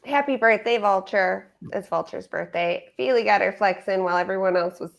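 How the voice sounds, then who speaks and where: A woman's voice: mid-range voice, normal speed, gravelly, highs cut off. A woman hosting a casual livestream chat, chatty and playful, laughing often. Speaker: host.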